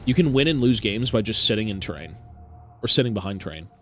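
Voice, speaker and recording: A man streaming, giving relaxed, offhand commentary on a game with casual fillers. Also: on the low side, fast, soft background music.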